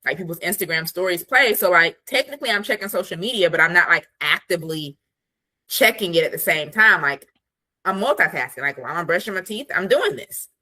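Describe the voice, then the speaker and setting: Woman coach, guest on a podcast, low voice, bright forceful tone, chatty with lots of fillers, acts out quotes, video call from a home office. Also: lively intonation, a little fast. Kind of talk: casual conversational interview. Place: home office at her desk.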